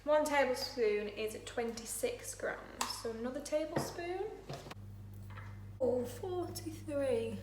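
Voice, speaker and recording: Hoarse chatty young woman. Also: high voice, lively intonation, moderate pace, hardly any pauses. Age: young adult. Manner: chatty, self-deprecating. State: hoarse, lost voice. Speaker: vlogger. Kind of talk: casual baking vlog. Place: home kitchen. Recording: echoey kitchen, faint noise.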